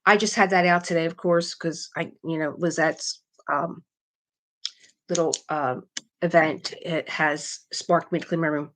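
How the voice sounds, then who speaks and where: A middle-aged woman with a slightly low-pitched voice hosts a casual live craft stream. She talks in an animated way, reads viewer comments aloud and laughs often. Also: a little slow, slight background noise.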